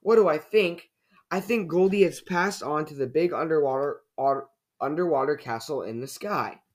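A man's voice: on the high side, moderate pace, natural voice. A man doing a hearty, folksy father bear.

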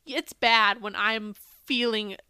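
A woman's voice: a little high, steady tone, takes it slowly, bright, forceful tone, smooth, dry recording. A woman co-hosting a podcast, recapping a show in casual chat with sarcasm and frequent swearing. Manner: sarcastic, swears often, mocks quotes. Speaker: podcast co-host.

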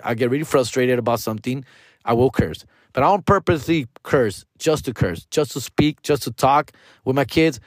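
A man in his forties hosts a podcast, speaking at medium pitch in clean studio sound with no room sound. His casual monologue is profane and full of slang, sprinkled with Spanish phrases, and he frequently addresses listeners as "dog" and "fool."

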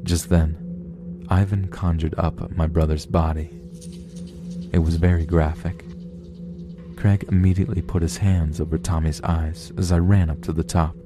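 A man narrating a horror story in a slow, grave storytelling manner, with music behind. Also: deep voice, flat delivery.

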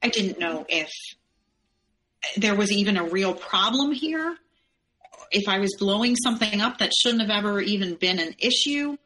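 A woman's voice: mid-range voice, expressive, moderate pace, bright, forceful tone, rough recording. A woman, a podcast guest, telling a personal story step by step in the present tense.

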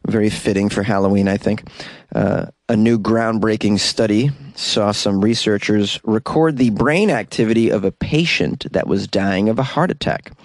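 A man riffing on odd news stories in a sarcastic, joking tone, with mid-pitched speech. The sound is dry and close, with no room around it. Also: moderate pace, no echo. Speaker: host. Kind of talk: comedic news commentary. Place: Los Angeles.

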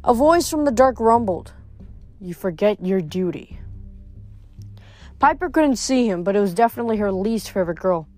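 A woman reading a novel aloud in steady storytelling narration. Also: a little high, quick pace, few pauses, soft background music. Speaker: reader.

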